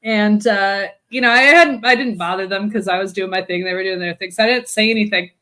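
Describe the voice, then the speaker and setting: A woman co-hosting a podcast, chatting casually and telling an animated story with plenty of swearing. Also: medium pitch, a little fast. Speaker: podcast co-host. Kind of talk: casual chat.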